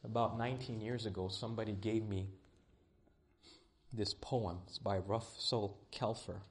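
A male pastor preaching a sermon in an emphatic way, swinging between loud stretches and hushed ones. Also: on the low side, fairly even intonation, a little slow.

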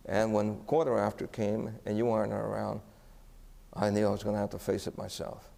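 A man's voice: fairly low pitch, flat delivery, a little fast, gravelly, mellow. A man preaching as a pastor, telling a story earnestly and asking the congregation questions. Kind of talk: sermon storytelling. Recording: echoey hall.

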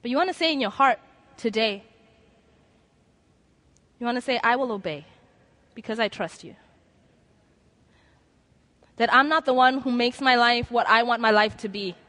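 A woman's voice: a little high, normal speed, long pauses, a bit bright. A woman preaching a sermon to a gathered audience, earnest and conversational, acting out inner voices as she makes an appeal. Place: lecture room before an audience.

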